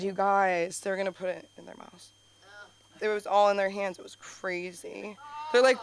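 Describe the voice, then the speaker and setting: A young woman doing open-mic stand-up, rambling with lots of fillers and sudden high jumps in her voice. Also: fairly even intonation, fairly quick, a bit bright, clear, resonant tone. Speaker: stand-up comedian. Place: comedy club stage.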